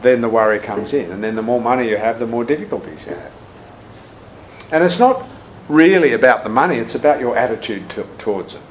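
A man's voice: medium pitch, expressive, a little fast, slight background noise, low-quality recording. A man who teaches Buddhism and works as a shiatsu therapist, giving a casual talk full of anecdotes and acting out what people said. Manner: storytelling, acts out quotes, laughs at his own anecdotes.

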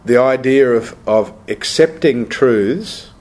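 A man's voice: mid-range voice, slow pace, a little mellow. A man who teaches meditation, talking reflectively and telling anecdotes, acting out the people he quotes and often repeating words. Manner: storytelling, acts out quoted voices, repeats words.

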